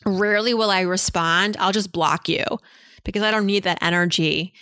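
A woman hosts a money advice podcast and talks through listener questions casually and frankly. She leans on fillers like "you know" as she thinks aloud. Her voice sits at an ordinary middle pitch, recorded close and dry with no room sound. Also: fairly even intonation, normal speed, a bit bright, dry recording. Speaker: personal finance podcast host.

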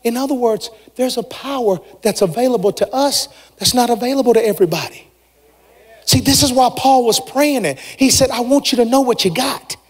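A man preaching a sermon as pastor, with a shouting, half-sung cadence. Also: very high voice, a little fast. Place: church sanctuary. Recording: long reverb of a large hall.

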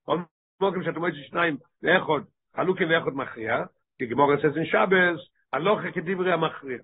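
A male teacher leading a text study class, reading passages rapidly and then explaining them with frequent rhetorical questions. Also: fairly high pitch, husky. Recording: tinny phone-like line.

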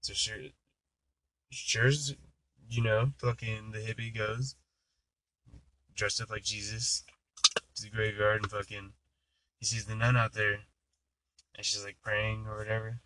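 A man's voice: fairly low pitch, flat delivery, unhurried, pauses often, bright, forceful tone, slight background noise, poor audio. A man co-hosting a casual podcast who tells jokes in a rambling, profane way with many fillers. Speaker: podcast co-host. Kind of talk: casual chat and joke telling.

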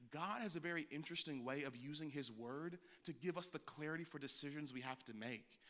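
A man's voice: fairly high pitch, bright, forceful tone. A man preaching a sermon as pastor, talking to the congregation in a conversational, plainspoken way. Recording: long reverb of a church hall.

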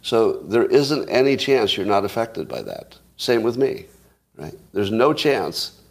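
Low-voiced man riffing to live viewers. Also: sing-song, measured pace, gravelly, husky. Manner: conversational, talks to live viewers, repeats words when restarting. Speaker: podcast host. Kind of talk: casual livestream monologue.

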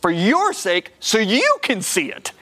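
A middle-aged man shares his testimony as a guest minister, acting out the dialogue in animated bursts. His voice sits a little high. He gets loud whenever he hits a point he wants to stress. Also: unhurried. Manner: animated storyteller, rising loud when emphatic; acts out quoted dialogue. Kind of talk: testimony in a talk show.

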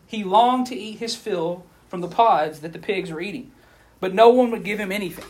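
A man's voice: high voice, moderate pace, breathy edge. A man, preaching a casual sermon and asking the audience questions as he goes. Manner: conversational, asks the audience questions, animated. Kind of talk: casual sermon to a youth group.

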